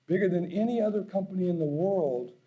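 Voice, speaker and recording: A middle-aged keynote speaker on a conference stage tells folksy anecdotes, growing more animated and louder as he goes. His voice is high and he talks fairly quickly, with the highs cut off in the recording.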